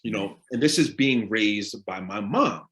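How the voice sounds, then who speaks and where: A man leading a live discussion, asking the audience direct questions in an animated way. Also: on the low side, unhurried. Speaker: discussion leader on a live stream. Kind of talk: interactive talk with the audience.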